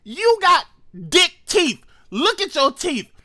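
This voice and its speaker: A man hosting a reaction commentary show, ranting loudly and mockingly with heavy profanity. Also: very high voice, very animated, slow. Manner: loud, profane, mocking rants. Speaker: commentary host.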